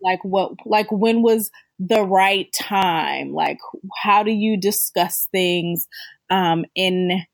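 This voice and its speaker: A woman tells a family story at an unhurried pace, her voice recorded close and dry. She brings the story to life, acting out what each person said. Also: mid-range voice, gravelly, no room sound. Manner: slow, animated storyteller who acts out quotes. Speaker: co-host, mother. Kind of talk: casual storytelling.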